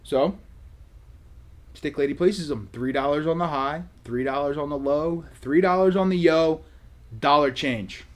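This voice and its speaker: A man hosting a vlog, telling a casual story in a sarcastic, animated way. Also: a little high, a little slow. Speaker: vlog host.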